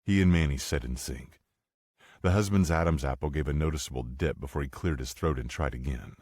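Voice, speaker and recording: A man narrating an audiobook in a steady, matter-of-fact way. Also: a bass voice, fairly quick, no room sound, studio quality. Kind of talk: scripted narration.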